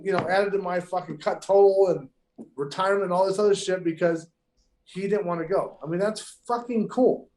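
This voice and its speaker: A man's voice: sits high, darkish tone, slight background noise. A man, a professional golfer, telling stories in casual podcast chat, emphatic and heavily profane. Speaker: pro golfer guest. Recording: echoey room.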